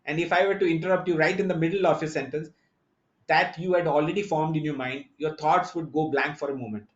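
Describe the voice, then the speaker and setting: A man's voice: a little high, fairly even intonation. Man lecturing in an echoey lo-fi room. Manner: halting, many fillers and restarts; explanatory, addresses the audience directly. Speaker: conference speaker. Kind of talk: online conference lecture. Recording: echoey lo-fi online talk audio.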